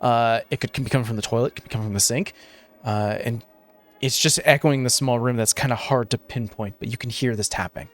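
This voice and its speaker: A man's voice: medium pitch, a little fast, soft background music. Man narrating as game master. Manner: relaxed, many filler "uh"s.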